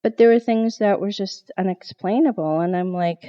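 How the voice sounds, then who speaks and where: A middle-aged woman, a therapist guest on a podcast, telling a personal story in an animated way and acting out her own past thoughts. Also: medium pitch, moderate pace, highs cut off.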